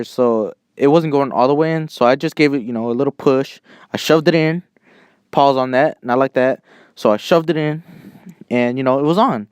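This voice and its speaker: A man's voice: mid-range voice, a little mellow, clear, resonant tone, no room sound, studio quality. A young man telling a self-mocking story in a casual vlog over gameplay, cheerful and joking, who cries out when he quotes himself. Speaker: channel host.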